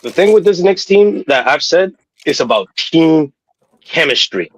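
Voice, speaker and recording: A man co-hosting a casual sports talk show, profane and animated, who keeps saying "know what I mean.". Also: a little high, a little slow, slight background noise, low-quality recording. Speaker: podcast co-host.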